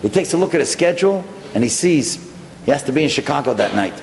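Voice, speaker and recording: Animated man telling a story in a hall. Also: mid-range voice, fast. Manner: animated, acts out dialogue. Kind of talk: storytelling talk. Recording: echoey hall with faint noise.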